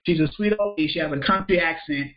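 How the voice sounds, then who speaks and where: A man's voice: fairly high pitch, quick pace, muffled recording. A man teaching a live freight broker training class, talking casually, repeating himself and checking that students follow. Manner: conversational, repeats phrases, checks understanding with questions.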